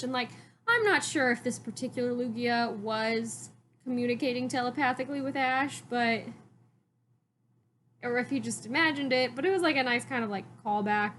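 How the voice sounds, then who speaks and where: Chatty woman vlogger, rambling, lots of fillers, slightly high voice, faint background noise. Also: fairly bright tone. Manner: rambling, heavy use of "like". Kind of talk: casual chat recapping a cartoon.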